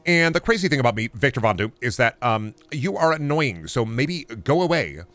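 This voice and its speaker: A man's voice: medium pitch, big pitch swings, moderate pace, fairly bright tone, no room sound, faint music behind. A man doing an impression of a smug supervillain, drawling and hesitant with lots of mm and uh fillers. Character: smug rambling male supervillain, celebrity impression.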